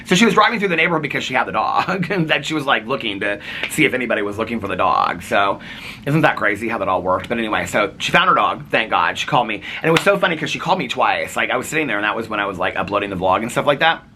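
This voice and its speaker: A man's voice: on the low side, lively intonation, fast, sharp tone, a little hiss or hum. A man vlogger telling a long casual story, rambling with many fillers and acting out what others said. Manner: rambling, lots of "like", quotes others in raised voice.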